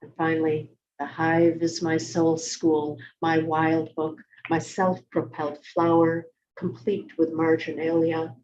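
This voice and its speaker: Woman, poetry reading, unhurried measured delivery, lowish voice, muffled livestream sound. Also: level tone, background noise. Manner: slow, measured recitation. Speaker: poet.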